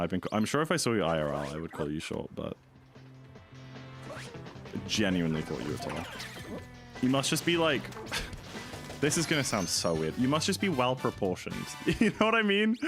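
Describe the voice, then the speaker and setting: Deep-voiced streamer dude rambling to chat, voice bouncing all over, game music going behind. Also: male voice. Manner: rambling, chatty, reads and answers chat. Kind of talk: casual livestream chat while gaming.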